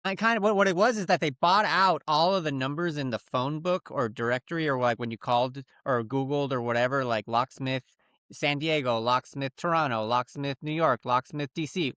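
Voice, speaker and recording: A podcast co-host tells a story in casual chat, acting out phone calls in put-on voices. He has a clear, resonant, mid-range voice with a fairly bright tone and moderate pace, captured in studio quality with no room sound.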